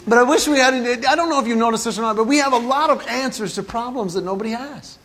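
A man's voice: extremely high pitch, quick pace, a bit bright, some chatter behind. A man performing a stand-up comedy routine, telling stories with quoted dialogue and chuckling at his own jokes. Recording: long hall reverb, faint ambient noise.

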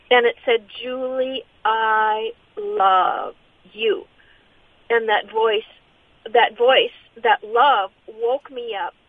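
A middle-aged woman shares her life story in an interview, halting and earnest, often restarting her sentences. Her voice sits fairly high. The sound is thin and tinny, like a phone line, and very dry. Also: dry recording. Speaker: interview guest. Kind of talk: personal testimony in an interview.

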